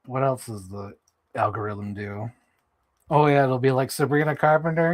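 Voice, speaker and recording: At a moderate pace, a man casually live streams while swapping parts on toy figures, talking animatedly, swearing, and slipping into high mock voices.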